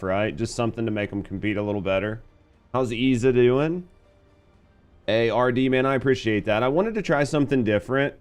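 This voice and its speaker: A man's voice: medium pitch, clear, resonant tone. A man hosting a live game stream, chatting casually and thanking viewers by name.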